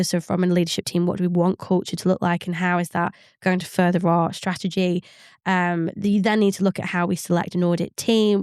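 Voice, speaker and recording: A woman co-hosting a podcast explains workplace psychology at a steady, measured pace, with plenty of ums along the way. Her voice is smooth and clear. The sound is dry and close to the mic. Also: lowish voice, no room sound. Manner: measured, explanatory, with frequent fillers. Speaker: psychologist co-host. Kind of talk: podcast advice chat.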